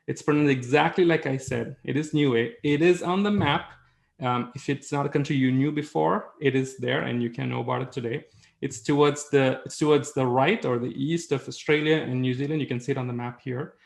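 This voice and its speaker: Gravelly man presenting a webinar. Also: medium pitch, fairly quick. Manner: conversational, with many fillers and rhetorical questions.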